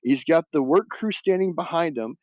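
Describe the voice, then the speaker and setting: A man's voice: a little high, normal speed, no room sound, muffled recording. A man hosting a casual chat, telling stories with mocking impressions and frequent laughter. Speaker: stream host.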